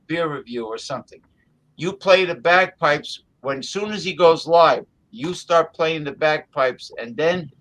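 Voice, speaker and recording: Guy hosting a livestream, kinda high voice, stops and restarts a lot, lots of uh and um, keeps saying listen. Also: fairly bright tone, low-quality recording. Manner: halting, restarts with many fillers. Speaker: livestream host. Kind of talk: casual livestream chat.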